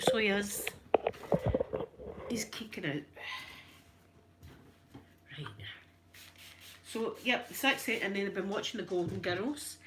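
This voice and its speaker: A Scottish woman talks her way through a live stream at an everyday pitch, emotional and close to tears as she chats and greets viewers one by one. Her voice sits over a clear hiss of background noise with scattered clicks. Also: animated, unhurried, pauses often. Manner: emotional, tearful, chatty, greets viewers warmly by name. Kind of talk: chatty live stream while ironing.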